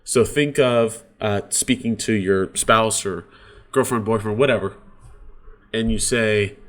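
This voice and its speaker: A man's voice: fairly low pitch, measured pace. A man coaching real estate agents in a casual, conversational sales training talk. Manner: casual, conversational, uses sports examples.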